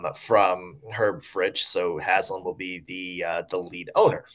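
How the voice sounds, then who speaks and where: A man's voice: sits low, steady tone, unhurried, a bit bright. A man co-hosting a casual sports podcast, chatty and joking, with lots of fillers. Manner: jokey, chatty, many fillers. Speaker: podcast co-host.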